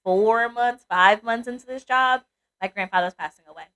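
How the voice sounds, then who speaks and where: A young adult woman co-hosting a podcast, telling a personal story in casual chat, animated and swearing freely. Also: a little high, normal speed. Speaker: podcast co-host.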